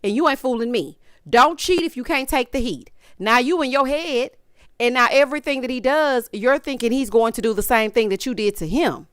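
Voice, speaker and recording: A woman hosting a casual reality TV recap, talking in an animated, dramatic, sassy way with punchy asides. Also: fairly high pitch, moderate pace, no echo, studio quality.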